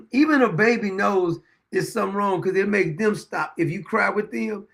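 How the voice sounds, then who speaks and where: A man's voice: sits high, moderate pace, vocal fry, fairly bright tone. A man in his fifties hosting a show, telling folksy anecdotes in a casual monologue, chuckling often and repeating phrases for emphasis. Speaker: show host.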